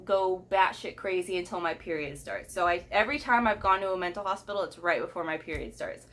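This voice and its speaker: A young woman in her twenties telling a personal story in a frank, casual way, swearing freely and quoting people in lively voices. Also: medium pitch. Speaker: vlogger.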